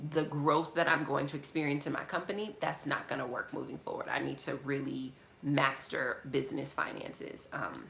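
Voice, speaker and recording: A woman with a low, gravelly and bright voice hosts a live chat. She reads out viewers' questions and answers them openly. Her studio apartment gives the sound a noticeable roomy echo. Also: slight background noise. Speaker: budgeting channel host.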